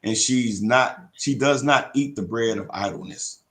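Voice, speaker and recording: A man's voice: mid-range voice, measured pace, fairly bright tone. A man co-hosting a live faith podcast, chatting casually, reading viewer comments and scripture aloud. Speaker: podcast co-host. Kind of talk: casual faith talk show chat.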